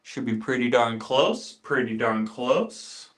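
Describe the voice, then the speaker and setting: A man's voice: medium pitch, slow pace. Chatty man hosting a beard-care livestream. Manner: chatty, greets viewers by name, repeats phrases. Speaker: livestream host. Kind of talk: casual livestream demo.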